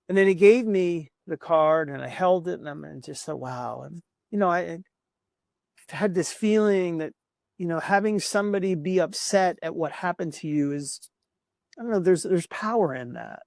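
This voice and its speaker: A man speaks over a video call, his slightly high voice rough with gravel. He tells his story earnestly and with feeling, circling back on words as he builds. The sound is dry and close. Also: moderate pace, a little mellow, dry recording. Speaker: podcast guest. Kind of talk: personal storytelling.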